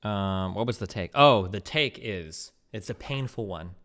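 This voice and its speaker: Man, streamer, bright forceful voice, profane and animated, opinionated rant, lots of "like" fillers. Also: lowish voice, unhurried. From United States. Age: 30s. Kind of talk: casual ranting on stream.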